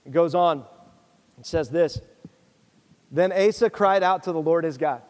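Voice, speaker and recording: A man's voice: on the high side, a little slow, in a large hall. A man preaching a sermon, reading scripture aloud and then pressing his listeners in a conversational, urgent way. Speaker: pastor.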